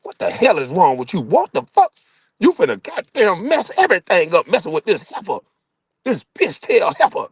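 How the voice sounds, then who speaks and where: A woman's voice: on the high side, big pitch swings, moderate pace, breathy edge, dry recording, pitched above the performer's own voice, exaggerated voice. A man playing a furious cursing church mother. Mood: furious scolding. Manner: shouting, cursing scolding. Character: furious churchgoing mother scolding her son.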